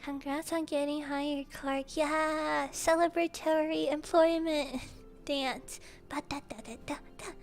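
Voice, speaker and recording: Giggly high-voiced woman streamer. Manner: giggly and playful, laughs often between lines; joking, self-mocking princess bits. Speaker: streamer answering viewer questions. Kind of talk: casual Q&A chat.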